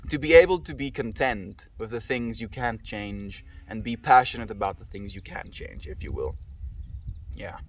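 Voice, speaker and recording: A man's voice: on the low side, far from the mic, slight background noise. A man with a South African accent, livestreaming and casually reading out and answering viewers' comments by name.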